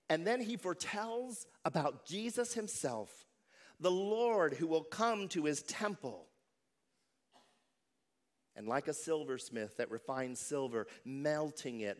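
Man preaching a sermon. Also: medium pitch. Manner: storytelling preacher, acts out quoted voices. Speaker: pastor.

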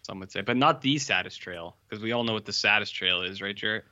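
Chatty guy recapping a movie on a podcast, bright voice, kinda muffled audio. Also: on the low side, fast. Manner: rambling, acts out lines in character voices. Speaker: podcast co-host. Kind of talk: casual chat, recapping a film.

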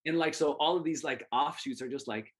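A man chatting as a guest on a casual podcast, calm, relaxed and friendly. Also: on the high side, a little fast, slightly rough. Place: Chicago.

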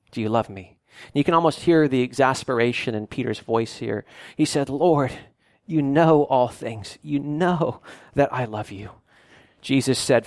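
A man's voice: a little high, no room sound. A man preaching a sermon as pastor, earnest and often repeating and restarting his words.

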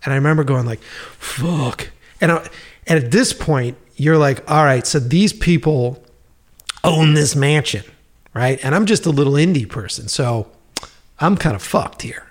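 Profane, animated man telling filmmaking stories. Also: fairly high pitch, measured pace. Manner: profane, animated storyteller acting out quoted dialogue. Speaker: filmmaker guest. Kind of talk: casual storytelling chat.

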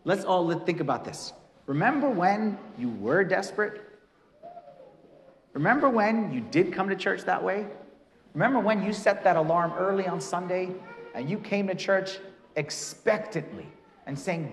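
A man, a priest, giving a lively, conversational sermon with casual asides in a church. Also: high voice, brisk, big-room sound.

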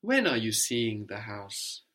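A man's voice: lowish voice, sing-song, slow pace, a bit bright. A man teaching a language lesson, explaining patiently step by step and checking in with "no?".

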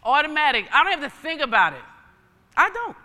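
A woman's voice: sits high, big pitch swings, fairly quick, sharp tone, in a large hall. A woman preacher giving a sermon with personal testimony, emphatic and folksy in her storytelling.

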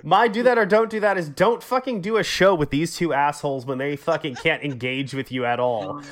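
A man hosting a casual gaming podcast, congested and a bit gravelly, sardonic and swearing freely. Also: fairly high pitch, a little fast. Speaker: podcast host.

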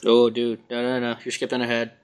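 A man's voice: medium pitch, completely flat delivery, fairly quick, clean tone, no room sound. A man co-hosting a podcast in casual chat about a movie, mostly giving short agreeing replies, laughing often and filling in plot details. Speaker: podcast co-host.

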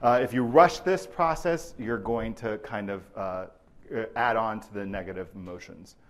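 A man giving a live lecture to healthcare providers, animated and often checking in with the audience by asking "right?". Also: lowish voice, moderate pace. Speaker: presenter at a clinical training.

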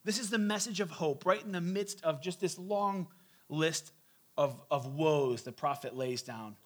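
A pastor in his forties preaches a sermon in a loose, conversational way, making asides to the congregation. His voice is a little high and his delivery unhurried.

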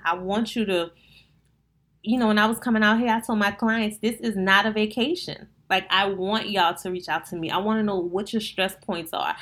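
On her casual solo podcast, a wedding planner from New Orleans chats directly with listeners, animated and unpretentious, in a medium-pitched voice.

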